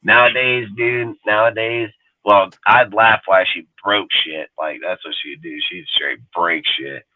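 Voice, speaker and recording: Podcast co-host, man, very low voice, rambling profane storyteller, dry tinny line. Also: steady tone, unhurried, no echo. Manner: rambling, cursing, storytelling with acted quotes. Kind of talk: profane casual chat.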